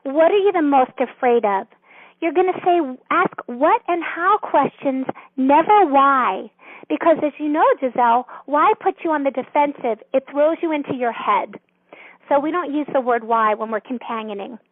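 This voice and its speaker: Woman guest, high voice, gentle teacherly explainer, tinny dry phone line. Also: normal speed, no echo. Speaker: author and guest. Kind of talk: interview explaining a counseling method.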